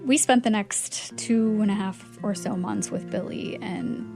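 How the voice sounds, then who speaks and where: A woman's voice: mid-range voice, unhurried, creaky, soft background music. A woman guest in an interview, telling a story with energy, acting out the lines of the people in it and laughing often. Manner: lively storyteller who acts out dialogue and laughs often. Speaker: charity fundraiser guest.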